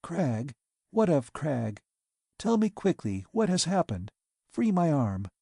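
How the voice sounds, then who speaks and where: A man's voice: fairly high pitch, creaky, breathy edge, no echo, clean studio sound, pitched above the performer's own voice, heavily acted. A man doing a composed, courteous woman. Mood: alarmed. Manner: calm, dignified and measured.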